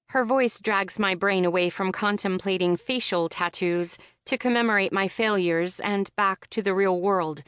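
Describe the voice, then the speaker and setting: A woman's voice: fairly low pitch, normal speed, hardly any pauses, a bit bright, clean tone, no echo, clean studio sound. Woman narrating a comic audiobook. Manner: wry, comic. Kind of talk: first-person audiobook narration.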